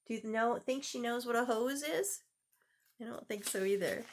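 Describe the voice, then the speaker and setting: An older woman reading a picture book to children, with animated, exclaiming asides to the listener. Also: a little high, normal speed, background noise. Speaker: storyteller grandmother.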